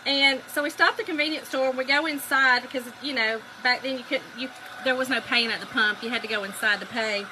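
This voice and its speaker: Her high voice holds a steady tone as she talks briskly with hardly any pauses over a noisy background. The Southern US host of a crafting livestream tells stories and chats casually with viewers, calling them y'all.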